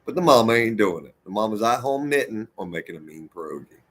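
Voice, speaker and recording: A man from the United States talking straight to his viewers in a heated, profane monologue, swinging between loud outbursts and muttered asides. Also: on the low side, expressive, quick pace. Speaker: vlogger. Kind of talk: impassioned monologue to camera.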